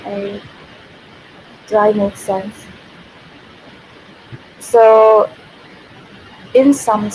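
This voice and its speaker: Woman, native Korean speaker, casual teacher, self-correcting, slightly high voice, faint noise. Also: extremely slow, long pauses, a little mellow, rough recording. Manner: thinks aloud, self-corrects, laughs often. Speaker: Korean language teacher on a livestream. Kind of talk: casual explanatory lesson.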